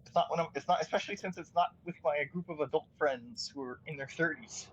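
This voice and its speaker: A man's voice: on the high side, fast talker, a bit bright, highs cut off, a little hiss or hum. A man chatting casually while gaming, nervous and stammering, restarting his sentences.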